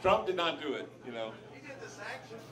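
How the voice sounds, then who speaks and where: A man's voice: high voice, big pitch swings, fairly quick, a bit bright. Male host, blunt and opinionated, addressing a lounge crowd; echoey, distant room sound. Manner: blunt, opinionated, with crude asides. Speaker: radio host speaking to a live audience. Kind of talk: informal talk to a bar crowd. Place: sports lounge in front of an audience. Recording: echoey room, voice far from mic.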